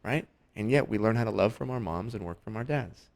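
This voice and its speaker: A man and father, a podcast guest, speaking reflectively and gently emphatic in casual chat. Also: fairly low pitch, lively intonation, fairly quick, creaky.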